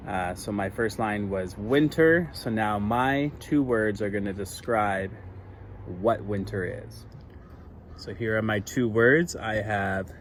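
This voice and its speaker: A man's voice: on the low side, slight background noise. A male teacher giving a recorded lesson to young children, speaking patiently with many ums and uhs and a bit of self-deprecating humor.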